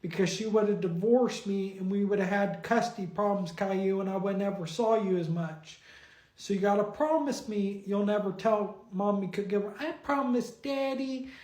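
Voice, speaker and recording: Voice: mid-range voice, normal speed, a little mellow. Giggling rambling storyteller, echoey room. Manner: giggling, stumbling over words. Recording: roomy echo.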